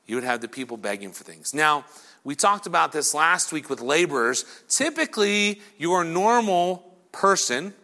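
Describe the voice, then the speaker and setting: Lively, bright-voiced male preacher. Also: fairly high pitch, normal speed. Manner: animated storytelling, acting out crowd voices and whispers. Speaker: pastor. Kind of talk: sermon.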